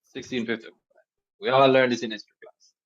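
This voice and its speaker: Husky matter-of-fact man, lo-fi. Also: mid-range voice, little pitch movement, quick pace. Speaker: podcast co-host.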